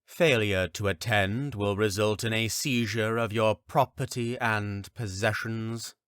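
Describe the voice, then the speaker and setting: Cold stern official talking slow and flat , a guy voicing him, dry sound. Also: lowish voice, clean tone, no echo. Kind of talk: audiobook character voice.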